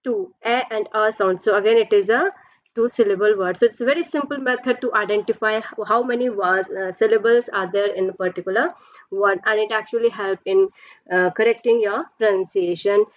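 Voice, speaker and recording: A woman's voice: mid-range voice, a little fast, dry recording, muffled recording. A woman teacher giving a pronunciation lesson, explaining patiently step by step and drawing out her example words.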